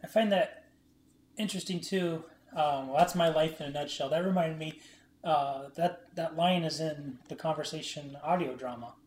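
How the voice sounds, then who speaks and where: Male co-host, slightly higher voice, soft-spoken and easygoing, roomy recording. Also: normal speed, slight background noise. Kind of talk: casual chat. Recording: echoey room.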